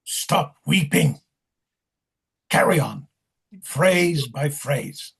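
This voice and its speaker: A man playing a gravelly, mocking clown. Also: fairly high pitch, expressive, very slow, exaggerated voice. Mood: wry. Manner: teasing, directive, sardonic. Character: wry mocking male clown, teacher of the king. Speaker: actor in rehearsal. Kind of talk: play rehearsal reading.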